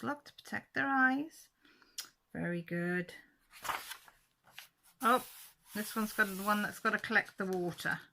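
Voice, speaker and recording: A woman's voice: mid-range voice, creaky, bright, forceful tone, slight background noise. A woman hosting a channel, chatting casually and chuckling to viewers as she flips through a book. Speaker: channel host.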